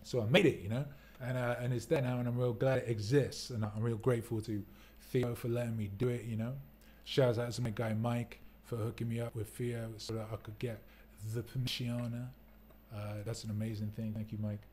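A man's voice: mid-range voice, flat delivery, brisk, a little mellow, husky. A man hosting a casual live stream from a rental home, talking in a rambling, laid-back way and laughing often. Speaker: livestream host. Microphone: desk mic for streaming, wearing headphones.

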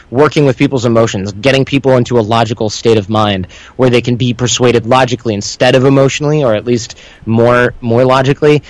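A man's voice: medium pitch, no echo, rough recording. A man in a loose, rambling guest spot, drifting from point to point as he tells stories. He slips into other people's voices when he quotes them. The recording is dry and close, with no room sound. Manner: rambling, self-described windbag; acts out quoted voices within anecdotes. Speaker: guest, instructor. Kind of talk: conversational storytelling.

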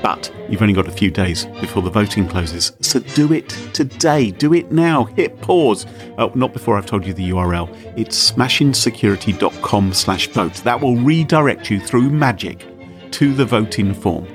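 Playful British man with lively pitch. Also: moderate pace, soft background music. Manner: playful, jokey, theatrical. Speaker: podcast co-host. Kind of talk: casual podcast chat.

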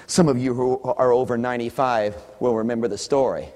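A man preaching a sermon with animation. He swings between hushed asides and shouts, and he playfully acts out imagined listeners. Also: mid-range voice, fairly even intonation, a little fast, big-room sound.

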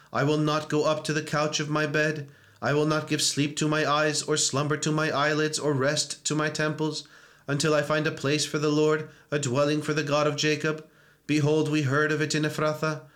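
A man reciting psalms in a steady, flat monotone during an evening church service, moving into chant for some verses. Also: a little high. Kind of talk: liturgical reading and chanting.

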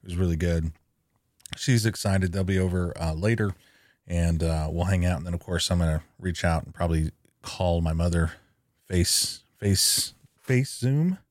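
A man's voice: deep voice, level tone, darkish tone, no room sound, clean studio sound. A man hosting a podcast, chatting in a rambling, easygoing way. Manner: chatty, rambling, quick to laugh. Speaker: podcast host. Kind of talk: casual chat.

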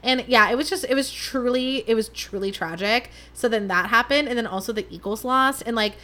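Young woman rambling on her podcast, bright higher voice, big dramatic self-roasting. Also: a little fast. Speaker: podcast host. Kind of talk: casual chat.

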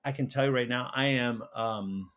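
A man's voice: medium pitch, normal speed, a bit bright. Earnest man telling a story. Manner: earnest, emotional, many fillers and restarts. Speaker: school counsellor, podcast guest. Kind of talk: casual storytelling conversation.

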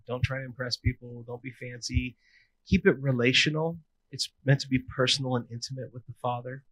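A man in his thirties preaches in a relaxed, conversational way. He slips into playful asides. His voice sits at an ordinary middle pitch. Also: husky, dry recording, poor audio. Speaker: pastor. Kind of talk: sermon.

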